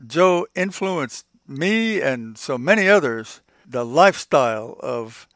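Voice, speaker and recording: A man's voice: mid-range voice, fairly bright tone, no echo, clean studio sound. An older man hosting a podcast, telling old stories in a folksy, reminiscing way and chuckling often as he goes. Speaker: podcast host. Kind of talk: casual reminiscing storytelling.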